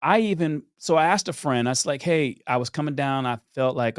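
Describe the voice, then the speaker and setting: A man's voice: medium pitch, fairly quick, hardly any pauses, clean tone, no room sound, studio quality. A man in his thirties, a podcast guest telling his story and acting out the people in it. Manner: animated, acts out the people in his stories. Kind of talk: storytelling in conversation.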